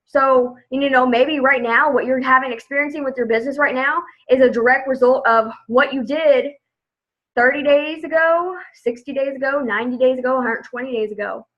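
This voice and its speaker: A woman's voice: sits high, dull audio. A woman giving a casual motivational talk to her sales team on a live video, chatty and upbeat, saying "like" a lot. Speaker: direct sales team leader.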